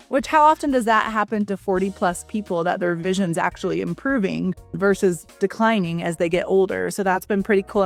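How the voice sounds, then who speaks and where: A woman in her forties, a guest in a casual interview, talking in a chatty, enthusiastic way with lots of fillers. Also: medium pitch. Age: 40s. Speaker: guest, red light studio owner.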